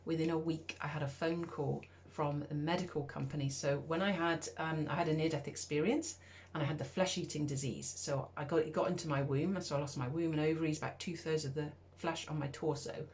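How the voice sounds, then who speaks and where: A middle-aged woman from the UK telling a personal story in a lively, conversational way, acting out her own thoughts. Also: low-pitched, fairly quick, hardly any pauses, a little hiss or hum. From United Kingdom. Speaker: speaker.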